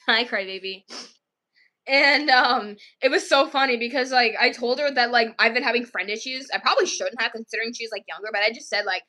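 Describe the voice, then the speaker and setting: A young female vlogger rambles through a storytime with a bright, clear voice pitched a little high. She keeps it casual and loose, stringing events together with "I was like.". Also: quick pace, hardly any pauses.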